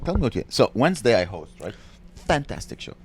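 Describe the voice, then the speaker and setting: A young adult man, a stand-up comedian hosting a podcast, telling profane stories in an animated, brash way. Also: mid-range voice, fairly quick, slightly rough. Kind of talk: casual storytelling chat.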